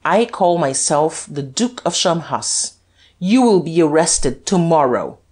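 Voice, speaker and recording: Casting: woman reader doing a scornful, commanding duke with a low, unhurried, menacing delivery. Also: sing-song, darkish tone, full character voice. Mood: jeering. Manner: jeering, menacing, deep and compelling. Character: cold, commanding male gentleman thief posing as duke.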